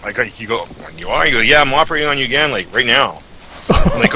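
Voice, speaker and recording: A man's voice: mid-range voice, fast, slight background noise, rough recording. A man on a video call, telling a story casually and swearing freely as he goes. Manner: profane, animated anecdote-telling. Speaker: game developer on a livestream.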